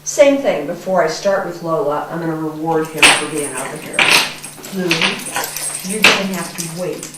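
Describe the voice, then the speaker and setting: A woman dog trainer explains her method in a slow, unhurried voice. She moves between clipped command words and soft, warm praise. The recording is distant and very echoey, with loud background noise. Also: low voice, animated.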